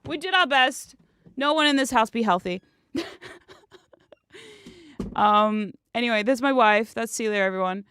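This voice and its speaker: A woman's voice: a little high, unhurried, pauses often, fairly bright tone, clean tone, no room sound. A woman streamer chatting casually while gaming, swearing freely and laughing often at a desk microphone.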